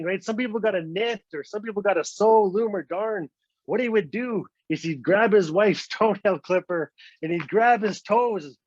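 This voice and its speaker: A man's voice: sits high, no room sound. Playful storyteller man. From Northwest Territories, Canada. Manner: lively, playful, repeats words for effect, ends lines with "eh". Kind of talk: told folk story, casual and humorous. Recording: dull, dry lo-fi online recording.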